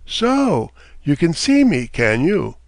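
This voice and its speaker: A man's voice: on the high side, huge pitch swings, takes it slowly, no echo, pitched above the performer's own voice, full character voice. A man doing a sly little fairy man. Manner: smooth, unruffled.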